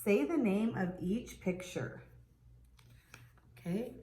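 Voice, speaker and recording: A woman's voice: mid-range voice, expressive, takes it slowly, long pauses, warm tone. A woman teaching a preschool video lesson, patiently sounding out words for young children. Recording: echoey room.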